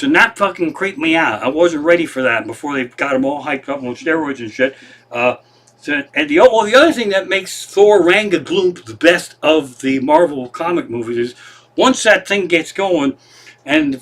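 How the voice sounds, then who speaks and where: A man hosts a loose comedy stream from his living room, talking in a slightly high, bright, forward voice. He meanders from one tangent to the next and sprinkles in plenty of profanity, poking fun at himself as he goes. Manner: profane, meandering, self-deprecating. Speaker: comedian host. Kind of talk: rambling comedic monologue.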